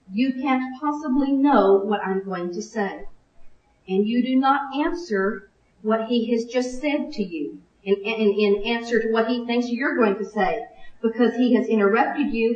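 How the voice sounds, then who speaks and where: An older woman teaching a Bible class, practical and earnest, rehearsing phrases out loud. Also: a little high, recorded from a distance. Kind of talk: recorded Bible class lesson. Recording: muffled, echoey room from afar.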